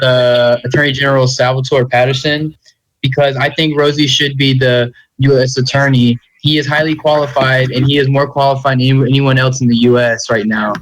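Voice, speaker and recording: A man with a middle-pitched voice plays a senator in a role-played parliamentary debate. He speaks in formal phrases but hesitates, filling gaps with pauses. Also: a bit bright, no echo, poor audio. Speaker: senator in a mock senate session.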